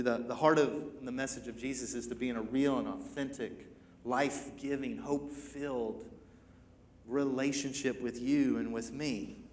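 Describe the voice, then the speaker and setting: Emphatic preacher man in echoey hall. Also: medium pitch. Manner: emphatic, repeats phrases and restarts often. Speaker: pastor. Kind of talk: sermon. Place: large church hall. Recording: echoey hall with long reverb.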